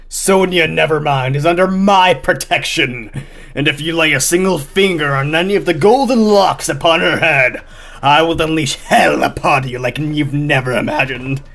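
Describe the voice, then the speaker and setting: A man doing a booming, pompous young dark lord. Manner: slow, booming, pompous declarations. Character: grandiose young male breeder, theatrical.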